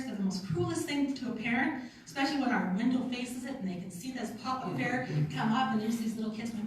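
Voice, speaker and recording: A woman's voice: a little high, steady tone, fast, a little hiss or hum. A Canadian woman giving a heartfelt personal testimony, close to tears and nervous, speaking at a leadership retreat. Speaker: network marketing team leader giving a speech. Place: large event hall. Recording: echoey hall, voice from far off.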